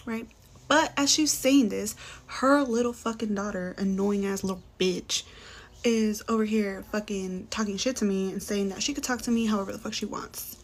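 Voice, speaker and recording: A woman's voice: medium pitch, steady tone, moderate pace. A young woman who works as a restaurant server, chatting through a profane get-ready-with-me storytime in a casual way. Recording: faint background noise.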